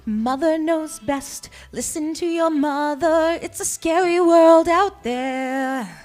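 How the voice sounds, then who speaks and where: A woman's voice: high voice, slow pace, darkish tone, big-room sound, soft background music. A woman playing a possessive, manipulative mother, singing and speaking her lines with theatrical drama in a live cabaret. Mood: theatrical guilt-trip. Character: possessive manipulative middle-aged mother, guilt-tripping.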